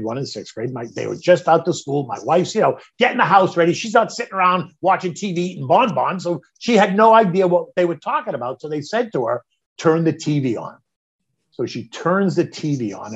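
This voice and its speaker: A middle-aged man, a podcast guest, telling a personal story in an animated way, swearing freely and getting loud when reliving moments of panic. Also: on the high side, breathy edge, dull audio.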